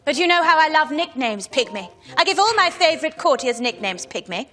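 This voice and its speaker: A woman's voice: sits high, sing-song, brisk, bright, forceful tone, faint music behind, heavily acted. An actress playing a vain, cruel Tudor queen who mocks her courtiers. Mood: haughty. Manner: haughty, mocking.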